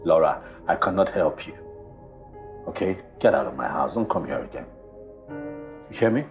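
A brash young Nigerian playboy with a lively, swinging voice. His English carries a Nigerian accent. The sound is roomy and picked up from a distance. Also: low-pitched, moderate pace, vocal fry, lo-fi sound, faint music behind. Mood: dismissive. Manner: pleading with boss, scolding girlfriend. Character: Derek, cocky young office playboy. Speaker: actor. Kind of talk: Nollywood film acting.

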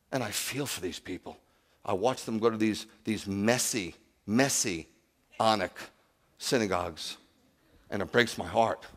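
A man preaching a sermon as rabbi, animated, swinging from loud exclamations to quiet asides. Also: on the high side, in a large hall.

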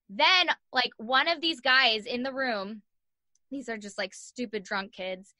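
A young woman telling a story as a podcast guest, animated, acting out the voices of the people in it and saying "like" a lot. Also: fairly high pitch, no room sound. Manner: animated, acts out voices in her stories, says "like" a lot. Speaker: guest, sports journalist and podcaster. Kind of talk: casual storytelling in an interview.

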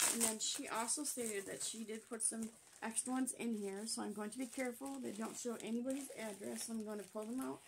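Breathless and gushing, this craft-channel host unboxes supplies at her table at home in a relaxed, chatty way. Her voice is fairly high and gravelly, and there's background noise in the recording.

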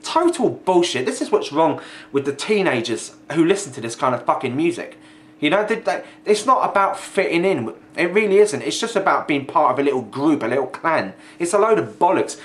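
A young man ranting angrily in a vlog, sweary and mocking, sounding exasperated. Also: on the high side. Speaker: video ranter. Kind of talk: angry vlog rant.

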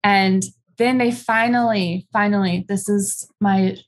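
A woman's voice: medium pitch, fairly even intonation, slow pace. Candid woman telling her story. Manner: candid, matter-of-fact, frequent ums. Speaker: interview guest. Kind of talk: personal storytelling.

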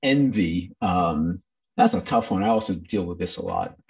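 A man's voice: low-pitched, expressive, normal speed, gravelly, a little mellow, recorded from a distance. A man teaching a training session in a conversational way, with many ums and acted-out quotes. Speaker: workshop presenter.

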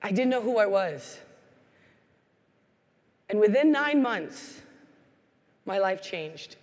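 Speaking slowly in a mid-range voice, a Canadian woman delivers an energetic motivational keynote in a large hall with lots of reverb. She brings her stories to life by acting out the voices she quotes.

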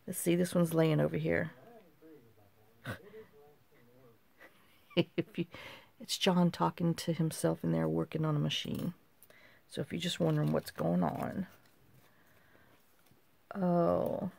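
A woman's voice: low voice, little pitch movement, slow, vocal fry, pauses often, darkish tone. A middle-aged woman, casually showing off handmade craft mail and exclaiming over each piece as she talks to herself. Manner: chatty, talks to herself while handling items, exclaims often. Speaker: craft channel host.

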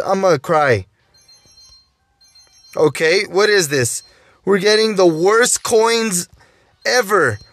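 A man with a high voice gives unhurried gameplay commentary as he opens loot boxes. He keeps begging for luck and calls out to his viewers constantly. His voice sounds dry and close. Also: fairly bright tone, no echo. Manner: pleading, keeps saying "guys" and "oh my dude". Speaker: mobile gaming YouTuber.

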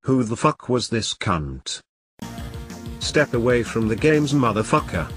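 A man's voice: medium pitch, big pitch swings, measured pace, faint music behind. Foul-mouthed ranting man. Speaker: comedic host playing an angry game collector. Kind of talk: scripted comedy sketch.

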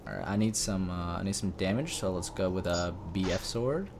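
Excitable young gamer guy. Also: deep voice, brisk. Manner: excitable, bursting into loud shouts and cursing. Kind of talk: casual gameplay commentary. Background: game music.

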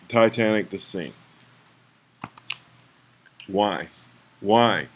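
A man's voice: fairly low pitch, measured pace, long pauses. A man in a frustrated, preachy rant to his viewers, firing rhetorical questions and urging them to act. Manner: trails off into mutters, then rises to urgent pleas. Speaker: vlogger.

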